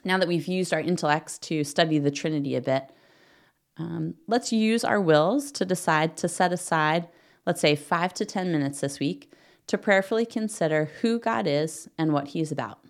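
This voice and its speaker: A middle-aged woman hosting a faith podcast, gently teaching, leading prayer and reading aloud in an earnest way. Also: low-pitched, normal speed. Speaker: podcast host.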